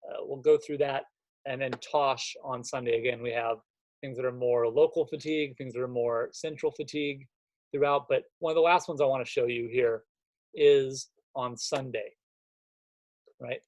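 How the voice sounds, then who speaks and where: A man talks gym owners through a workout program in an energetic, conversational way, tossing in "right?" to keep them with him. His voice sits at an ordinary middle pitch. It sounds close and dry, with no room echo. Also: moderate pace. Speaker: fitness coach presenting programming. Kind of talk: screen-share walkthrough for gym owners.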